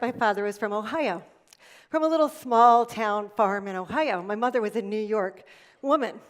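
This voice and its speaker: On an event stage in a large hall, a middle-aged woman gives a keynote motivational speech in a fairly high voice. She's lively, emphatic and persuasive, telling stories and returning again and again to the same catchphrases before her audience.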